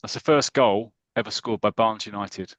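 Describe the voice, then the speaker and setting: A man's voice: lowish voice, no room sound. British man retelling a comic story. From Britain. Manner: animated storytelling with quick asides. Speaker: podcast co-host retelling a comic. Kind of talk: casual chat.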